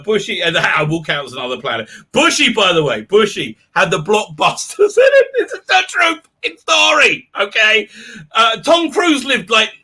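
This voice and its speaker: A man with an English accent hosting a livestream, rambling and crude, with lots of stammered restarts and loud laughs. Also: high voice. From England. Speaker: livestream host. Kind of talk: casual livestream chat.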